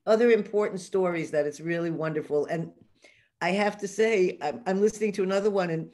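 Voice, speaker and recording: A woman's voice: fairly low pitch, darkish tone. An older woman with a New York accent, a podcast guest telling stories, often stumbling over her first words. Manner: storytelling, quick bursts with repeated false starts. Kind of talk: casual interview chat.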